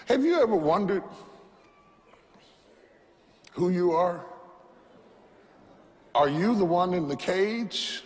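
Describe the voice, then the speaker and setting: A man preaching a sermon, slow and deliberate, who builds up to shouting and has the congregation repeat after him. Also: high-pitched, lively intonation. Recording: long reverb in a large hall.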